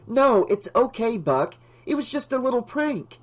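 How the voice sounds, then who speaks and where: Brief: male narrator doing a teen girl, high and shrill, scared but stubborn, audiobook read. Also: sing-song, unhurried, heavily acted. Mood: pleading. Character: frightened teenage girl, shaken but stubborn.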